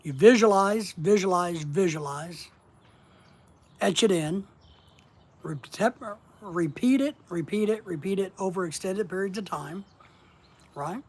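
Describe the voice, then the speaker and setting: A man hosting a relaxed live stream, speaking straight to his viewers. He drives points home by saying key words over and over, and he greets people by name as they drop in. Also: sits high, a little slow, long pauses. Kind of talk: casual live-stream teaching.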